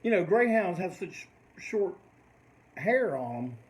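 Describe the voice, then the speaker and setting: Older guy rambling through a story, high voice, cusses a lot. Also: big pitch swings, takes it slowly, poor audio. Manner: rambling, swears often. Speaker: host of a live stream. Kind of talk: casual storytelling.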